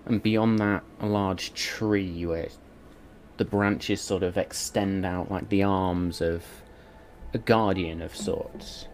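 A man narrating as game master in a tabletop game, with slow, dreamy descriptions and casual swearing. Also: low-pitched, steady tone, darkish tone, slight background noise.

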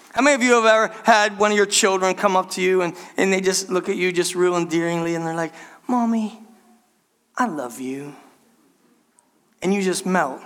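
Male pastor, high bright voice, emphatic sermon delivery, talks straight to the church. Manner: emphatic, repeatedly addresses the congregation.

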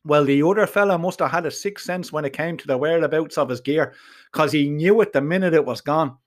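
A man's voice: on the high side, a little fast. A man with a Dublin Irish accent narrating a first-person audiobook in an earthy, salty, slang-filled way. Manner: salty, earthy storytelling with swearing and local slang.

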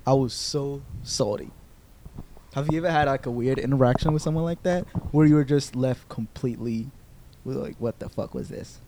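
A young man hosting a podcast, telling a story in casual chat, animated, with swearing and laughter. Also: medium pitch, normal speed, a little hiss or hum. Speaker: podcast host. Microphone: podcast microphone.

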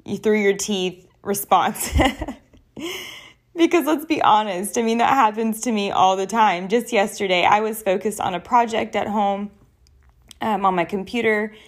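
Woman, young adult, podcast host, earnest, personal, chatty solo talk, mid-pitched voice. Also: normal speed.

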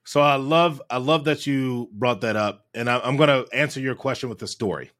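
A man telling a childhood story in a podcast chat, animated and often tagging his sentences with "right?". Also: medium pitch, normal speed. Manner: animated storyteller, frequent "right?" tag questions. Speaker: guest.

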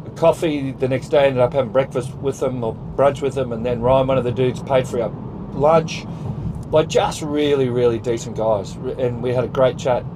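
A man with an Australian accent and a medium-pitched voice co-hosts a podcast over a noisy background. In casual chat, he speaks earnestly and reflectively, praising someone at length.

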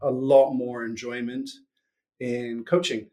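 A man's voice: medium pitch, flat delivery, slow, darkish tone. A man in his forties, raised between the US and Switzerland, talking casually as an interview guest, with many restarts and fillers. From Switzerland and US upbringing. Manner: hesitant, frequent restarts and fillers. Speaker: guest, sales executive.

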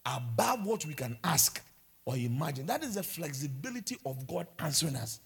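Male preacher, high raspy voice with gravelly fry, animated storytelling sermon delivery. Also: moderate pace, a little hiss or hum.

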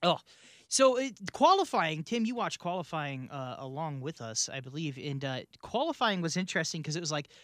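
A man co-hosting a casual podcast chat, talkative and quick to laugh. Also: a little high, sing-song, a bit bright, dry recording. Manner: chatty, laughs often, trails off and restarts. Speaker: podcast co-host.

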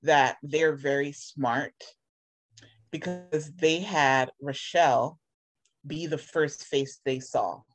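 A woman's voice: low voice, slow pace. A woman co-hosting a casual chat, blunt and sarcastic about a character she dislikes. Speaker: podcast co-host.

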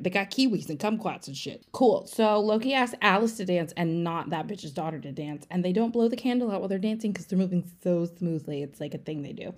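A woman's voice: on the low side, a little mellow. Woman, casual podcast recapper, irreverent and chatty, salty language. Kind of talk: casual comedic movie recap.

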